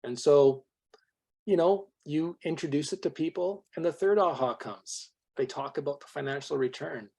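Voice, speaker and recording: A man's voice: on the high side, normal speed, gravelly. A man telling personal stories to his sales team on a call, acting out dialogue, his voice worn from a long night of talking. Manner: animated storyteller, acts out quoted dialogue. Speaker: guest trainer on a team call.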